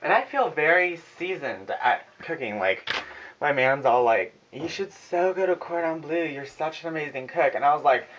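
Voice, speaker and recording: A man's voice: a little high, animated, normal speed, a bit bright, a little hiss or hum. A young man telling a sarcastic, profane story in a casual vlog from his home kitchen, filmed on a phone. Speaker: vlogger. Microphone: phone camera. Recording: dull phone recording.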